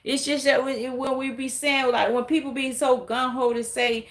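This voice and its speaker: Hosting a casual livestream, a woman with a high-pitched, level voice addresses viewers directly at a moderate pace with few pauses. As a commentator she rants bluntly and emphatically, swearing a lot.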